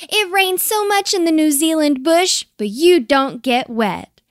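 A woman voicing Tiny, an excitable little male kiwi chick in a storybook, eager and bouncy. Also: high voice, unhurried, dry recording, studio quality, pitched above the performer's own voice. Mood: excited.

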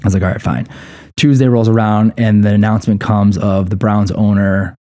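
A man's voice: on the low side, fairly even intonation, a little fast, dark tone. A man in his thirties from Cleveland, telling a profane, laughing story in casual podcast chat. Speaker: podcast guest, coffee company co-founder.

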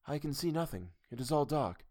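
A man voicing a young woman in a hypnotic trance, speaking softly, dreamily and from far away in an audiobook reading. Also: a little high, animated, fairly quick, no echo, clean studio sound, pitched above the performer's own voice. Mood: dreamy. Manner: soft, dreamy and distant.

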